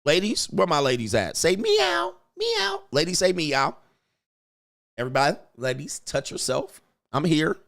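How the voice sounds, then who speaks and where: A man's voice: on the high side, animated, normal speed, creaky, a bit bright. A man hosting a show, ranting in a crude, boastful, swaggering way in casual talk. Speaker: show host. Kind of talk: casual livestream rant.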